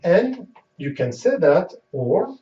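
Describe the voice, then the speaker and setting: A man teaching a lesson in a slow, unhurried way, his pitch rising and falling a lot as he repeats example phrases. His voice is mellow and somewhat dark. The recording is dull and roomy, as if the mic sat a little away from him. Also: big pitch swings. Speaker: language teacher. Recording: echoey room, dull sound, mic at a distance.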